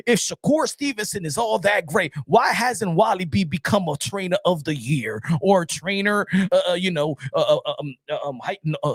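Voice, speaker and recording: Guy with a high voice going off about boxing on his show, loud sing-song rant, dry close mic. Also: no room sound. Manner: loud, fast, sing-song rant, swings to hushed mock-calm.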